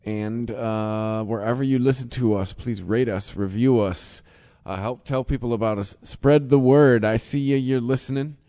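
A man's voice: mid-range voice, steady tone, normal speed, dark tone, in a large hall. A man in his forties co-hosting a podcast, laid-back and wry as he signs off the show. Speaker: podcast co-host. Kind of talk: casual chat.

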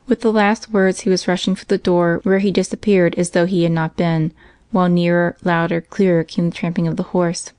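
A woman narrating a classic children's Christmas story in a calm, measured way. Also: lowish voice, clean tone, no room sound. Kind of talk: scripted narration.

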